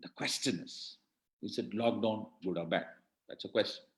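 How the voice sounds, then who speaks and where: A man's voice: on the low side, moderate pace, reverberant. A man with an Indian English accent giving a motivational talk, emphatic and rhetorical, quizzing his listeners and calling out who answered right. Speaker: motivational speaker. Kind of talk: motivational talk to an online audience.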